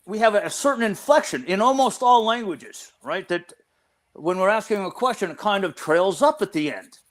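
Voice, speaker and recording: A man's voice: high-pitched, animated, moderate pace. An older man, a researcher guest in an interview, explaining at length and often restarting his phrases.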